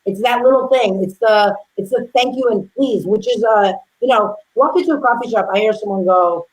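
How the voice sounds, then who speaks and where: Woman chef guest, mid-pitched, animated anecdotes with acted-out quotes, easy conversational delivery. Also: moderate pace, poor audio. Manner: lively storyteller who acts out quotes. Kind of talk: casual interview chat.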